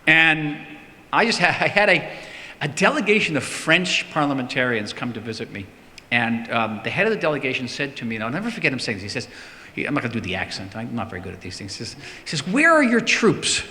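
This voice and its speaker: Man, bright forceful voice, emphatic speaker fielding questions, long hall reverb. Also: mid-range voice, expressive, fast talker, slight background noise. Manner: emphatic, repeats words for stress. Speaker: politician answering audience questions. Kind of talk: public talk with Q&A. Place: synagogue hall.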